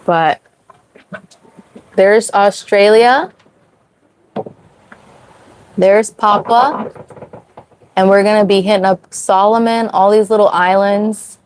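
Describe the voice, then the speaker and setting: Slow-talking young woman chatting from a sailboat. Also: mid-range voice, fairly even intonation, a little hiss or hum, poor audio. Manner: chatty, laughs often, many "like" fillers. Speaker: sailing livestream host. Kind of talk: casual livestream chat with viewers. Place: sailboat at sea.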